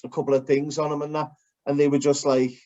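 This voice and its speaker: A man's voice: fairly high pitch, flat delivery, fast talker, warm tone, muffled recording. A man chatting as a podcast co-host, rambling loosely and calling people "mate" and "lad". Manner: rambling, laddish, says "mate" and "lad" a lot. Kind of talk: casual sports podcast chat.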